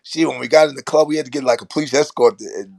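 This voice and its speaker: An older man from Brooklyn, telling stories as a podcast guest in a lively, chatty way. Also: mid-range voice, quick pace, creaky, no echo. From Brooklyn, New York. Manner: animated anecdote-telling with laughs and acted quotes. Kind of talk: storytelling in casual chat.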